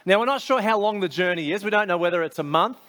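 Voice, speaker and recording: Man, pastor giving a sermon, fairly high voice, chatty with restarts. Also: fast talker, bright, forceful tone. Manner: conversational preaching with frequent fillers and restarts.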